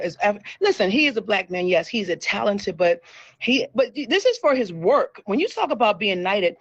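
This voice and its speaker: A woman hosting a casual entertainment news show, chatty and animated, repeating words for emphasis. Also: medium pitch, no room sound, lo-fi sound. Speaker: show host.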